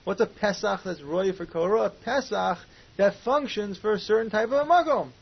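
A man's voice: sits high, moderate pace, creaky, slightly rough. A man teaching a Talmud class, reasoning aloud and posing questions, in a muffled lo-fi recording with faint hiss. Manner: questioning, reasoning aloud with Hebrew and Aramaic terms.

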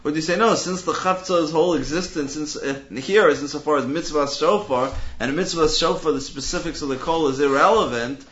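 A man's voice: fairly high pitch, a little fast, few pauses, fairly bright tone. Man giving a lecture. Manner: analytical, restarts mid-phrase while reasoning aloud. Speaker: Talmud teacher. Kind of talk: Talmudic lecture. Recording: dull lo-fi recording with faint hiss.

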